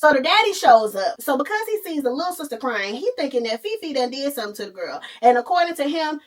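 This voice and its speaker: A woman hosting a podcast, retelling a movie in a casual, animated way with playful asides. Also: sits high, fast talker, recorded from a distance. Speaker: podcast host.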